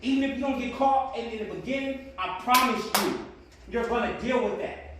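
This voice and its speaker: A man's voice: very high-pitched, moderate pace, background noise. A man speaking earnestly to a class of students as a motivational speaker, rising to emphatic peaks. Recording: very echoey room, distant mic.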